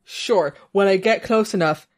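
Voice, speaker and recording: A woman playing a bear in a tabletop game, wry and joking. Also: mid-range voice. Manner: wry, joking, quick to laugh. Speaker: player.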